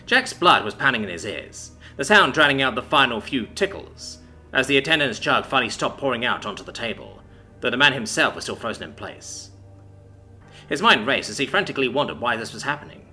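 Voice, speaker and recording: A man narrating a fantasy story in an expressive, dramatic reading. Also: mid-range voice, fairly quick. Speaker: audiobook narrator. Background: faint background music.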